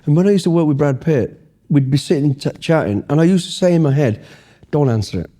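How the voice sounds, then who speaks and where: A middle-aged man from Britain rattles off blunt, swear-laden anecdotes as an interview guest. His voice sits a little high but sounds mellow and relaxed, and the delivery is loose and unscripted. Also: fast. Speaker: guest, former special forces soldier. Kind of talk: casual storytelling interview.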